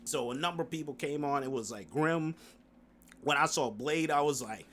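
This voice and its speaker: Fairly quick and a bit bright, the mid-range male voice comes with a faint hiss or hum. He's a commentary YouTuber giving a rambling, slangy stream recap, laughing a lot and restarting his thoughts amid fillers.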